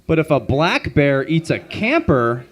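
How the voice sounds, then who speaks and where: A man performing a stand-up comedy set at an open mic on a club stage, delivering deadpan setups and punchlines through a handheld stage mic. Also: fairly high pitch, unhurried.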